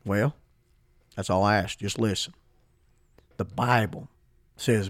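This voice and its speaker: A man's voice: fairly low pitch, normal speed, long pauses, no echo, studio quality. A man preaching a podcast sermon in an emphatic, fervent way, repeating words for emphasis.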